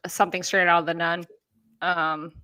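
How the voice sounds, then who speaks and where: A woman's voice: lowish voice, flat delivery, moderate pace, bright, forceful tone, clean tone, no room sound. A woman co-hosting a paranormal podcast, telling a story in casual chat and swearing freely. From Southern California. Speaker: podcast co-host.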